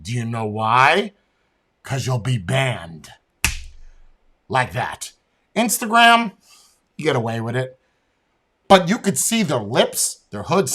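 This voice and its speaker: A man rants on a casual podcast, blunt and profane. His voice is bright and husky, and his pitch swings widely as he tells the story with animation. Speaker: podcast host.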